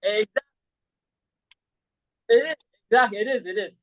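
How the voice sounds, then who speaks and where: A man's voice: high voice, moderate pace, fairly bright tone, lo-fi sound. A man from Saudi Arabia, a podcast guest telling a story in a casual chat, rambling with lots of fillers and tag questions. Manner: rambling, peppered with "like" and "right?".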